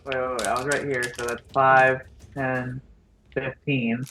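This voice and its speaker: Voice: mid-range voice, little pitch movement, unhurried. A player in a tabletop game, thinking aloud while counting out moves. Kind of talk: casual tabletop game play. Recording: roomy echo, faint noise.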